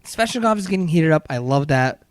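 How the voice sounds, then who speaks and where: Animated man chatting about hockey. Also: a little high, brisk, clean tone, no echo. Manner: animated, acts out quotes, trails off and restarts. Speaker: podcast co-host. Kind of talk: casual sports chat.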